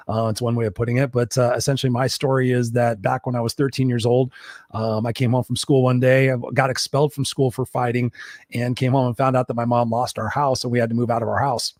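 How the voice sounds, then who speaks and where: A man's voice: medium pitch, a little mellow, no echo, studio quality. A man who works as a life coach, guest in an interview, telling his story bluntly and candidly, with some swearing.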